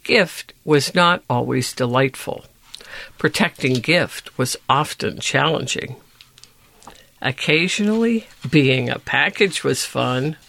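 A storyteller reading a children's picture book aloud, describing each page in a slow, deliberate, gentle way. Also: mid-range voice, expressive, creaky.

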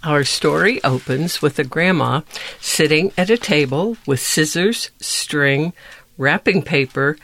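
A storyteller reading a children's picture book aloud, describing each page in a slow, deliberate, gentle way. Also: medium pitch.

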